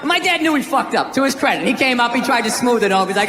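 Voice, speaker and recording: A man's voice: very high voice, animated, fast. Brash ranting male stand-up comic. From United States. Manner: brash profane ranting, bursts into shouts. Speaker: stand-up comedian. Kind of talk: stand-up comedy set. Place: live stage before an audience. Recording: echoey hall, loud crowd and noise.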